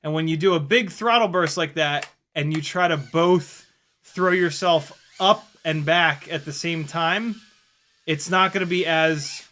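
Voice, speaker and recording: A young man giving casual running commentary while flying a drone, excitable, often exclaiming and laughing, swearing casually. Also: on the high side, slight background noise. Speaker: FPV drone pilot and video host.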